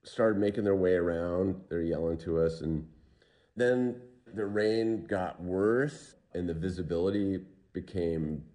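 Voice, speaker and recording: A man casually telling a story as an interview guest, animated, with many filler words. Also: low-pitched, measured pace.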